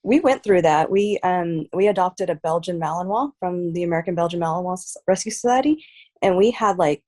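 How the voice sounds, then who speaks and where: Woman guest from Texas, low-ish voice, relaxed, filler-heavy talk. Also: a little fast. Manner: soft-spoken, lots of fillers like "like" and "um". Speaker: guest, fighter. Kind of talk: casual interview chat.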